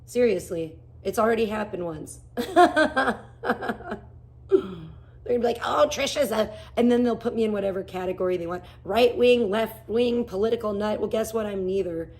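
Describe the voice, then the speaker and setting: A woman streaming live, her voice husky with a breathy edge. She rants bluntly and profanely, rambling from one grievance to the next. Now and then she breaks off to greet viewers in chat. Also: mid-range voice, brisk, warm tone. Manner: greets chat viewers by name mid-rant. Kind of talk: casual ranting livestream chat.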